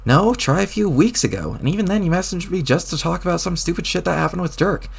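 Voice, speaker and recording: A man reading a webcomic aloud, voicing an exasperated young woman who scolds her friend in a raised, sharp voice. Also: sits high, expressive, fast, gravelly, slightly rough, pitched above the performer's own voice, heavily acted. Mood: scolding.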